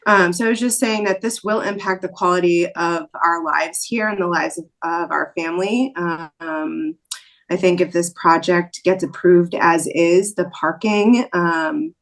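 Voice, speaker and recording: A woman giving hesitant public comment at a town board hearing, pausing often with ums. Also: fairly low pitch.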